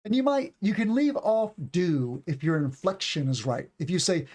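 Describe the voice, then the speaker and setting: A man's voice: a little high, animated, normal speed, hardly any pauses, darkish tone. Chatty man in his forties teaching. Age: 40s. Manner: chatty and rambling, drawing out words to show stress and intonation. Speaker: English teacher. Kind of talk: casual livestream lesson.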